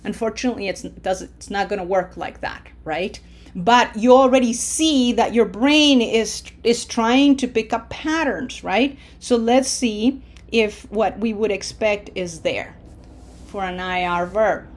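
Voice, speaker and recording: A woman gives a recorded Spanish lesson at an unhurried, careful pace. She speaks in a medium pitch, patient and encouraging. She models each word slowly for her learners to repeat. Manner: slow, patient, drills with repetition. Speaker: Spanish teacher.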